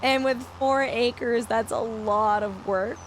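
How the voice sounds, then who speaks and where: A woman game streamer with a somewhat high voice chats casually with her viewers. Her talk is loose and rambling, full of fillers as she works through answers. Faint noise sits under the voice. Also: fairly even intonation, takes it slowly. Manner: chatty, loose, lots of fillers while answering chat. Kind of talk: casual live-stream chat while gaming.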